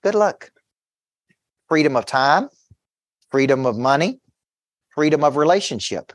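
A male business coach pushes his points in an intense motivational seminar, telling stories with quoted exchanges and repeating words. His voice is a little high, with lively intonation at a moderate pace. The recording is dry, with clean studio sound.

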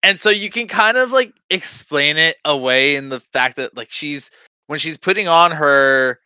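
Bright, crisp-voiced man chatting animatedly. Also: on the high side, unhurried, dry recording. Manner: animated, laughing, full of hedges and restarts. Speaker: podcast co-host. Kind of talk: casual film discussion.

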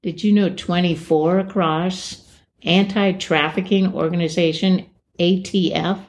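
A woman, co-hosting a casual crossword chat, quiet with short replies and frequent laughter. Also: on the low side, fairly even intonation, unhurried. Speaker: podcast co-host.

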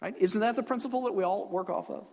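A man's voice: high voice, fast talker, vocal fry, a little mellow, big-room sound. A man preaching a sermon as pastor, emphatic and pressing his listeners to take each point in. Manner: emphatic, calls on the congregation to respond.

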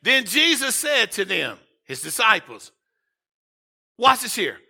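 A man preaching a sermon as pastor, swinging between shouted lines and quiet asides. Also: sits high, big pitch swings, slow pace, vocal fry, a little hiss or hum.

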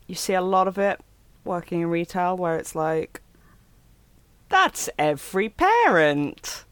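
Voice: medium pitch, expressive, unhurried, fairly bright tone, smooth, dry recording. A podcast co-host in casual chat, mostly giving brief, dry replies.

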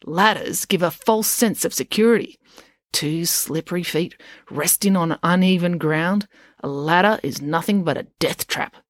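A grumpy old lady on crutches barks orders in a snappish, scolding way, as a woman storyteller puts her on. Her voice sits fairly low and is read close to the mic in a dry, unechoing space for a bedtime storybook. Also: measured pace, no echo, close to an everyday voice. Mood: bossy.

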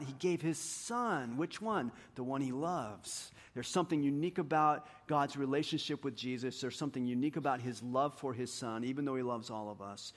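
A man preaching a sermon, telling stories in an animated, self-deprecating way and swinging between hushed and loud delivery. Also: fairly high pitch, moderate pace, hardly any pauses. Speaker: pastor. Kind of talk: sermon with storytelling.

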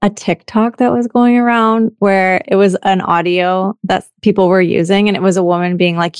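A woman's voice: medium pitch, steady tone, fairly quick, hardly any pauses, clear, resonant tone, dry recording, clean studio sound. A woman hosting a podcast in casual conversation, chatty and laughing often.

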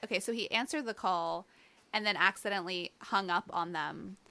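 A woman's voice: medium pitch, moderate pace, pushed and bright. A woman chatting casually, telling rambling stories full of fillers and quoted lines. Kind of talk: casual chat.

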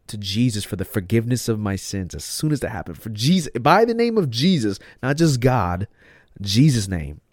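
Young male podcast host, low-pitched, dry close sound, slangy, shifts from hushed to fired up. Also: normal speed, dry recording. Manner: slangy and emphatic, says "bro" and "like" a lot; swings from hushed to loud and excited. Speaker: podcast host sharing his testimony. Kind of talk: casual personal testimony.

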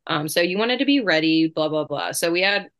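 A woman in her thirties telling her story as an interview guest, chatty and quick, with many fillers. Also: fairly low pitch, lively intonation, a bit bright. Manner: chatty, fast bursts, lots of fillers.

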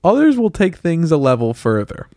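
A man co-hosting a casual podcast, his pitch leaping and dipping as he jokes along. His delivery stays playful and deadpan, the lines clipped and teasing. The sound is dry and close-miked. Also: normal speed, no echo. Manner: playful, deadpan refusals, bursts of high laughter. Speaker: podcast co-host. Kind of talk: casual banter.

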